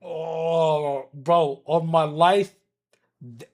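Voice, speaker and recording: A man livestreaming and telling a story to his chat, animated and profane, moving between mutters and shouts. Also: on the high side, normal speed, pauses often.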